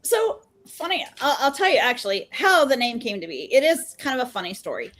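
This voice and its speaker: A woman's voice: on the high side, brisk. Chatty woman in her fifties. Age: 50s. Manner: chatty and animated, acts out quoted dialogue. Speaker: podcast guest, mental health therapist. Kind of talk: casual storytelling in a podcast interview.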